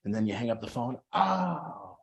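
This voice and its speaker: A man's voice: mid-range voice, normal speed. A man talking earnestly to a recovery group, acting out people's inner voices as he explains. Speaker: group facilitator. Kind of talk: motivational group talk.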